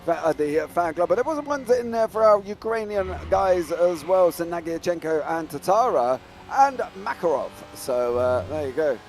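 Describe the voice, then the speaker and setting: A man's voice: on the high side, animated, normal speed, hardly any pauses, soft background music. A man doing live sim racing commentary in a chatty way, full of fillers and calling his co-host mate.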